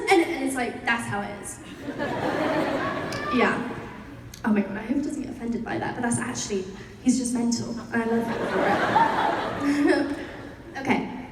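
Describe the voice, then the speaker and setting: A woman's voice: a little high, moderate pace, pauses often, a loud crowd, heavy background noise. Young British woman, chatty panel guest with frequent laughs; recorded from far off in an echoey convention hall. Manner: chatty, laughs often, many fillers. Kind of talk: answering fan questions.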